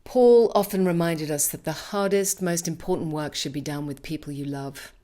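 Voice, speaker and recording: Low-voiced woman narrating a tribute. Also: normal speed, dark tone. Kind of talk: scripted narration.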